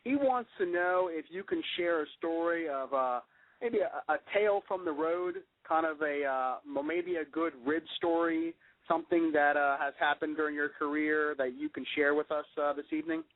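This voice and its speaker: A male talk-show host with a mid-range voice asks questions haltingly, full of fillers. The sound is dry and close, squeezed into a narrow, phone-like band. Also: on the high side, no room sound. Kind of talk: podcast interview. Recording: dry, tinny phone-like audio.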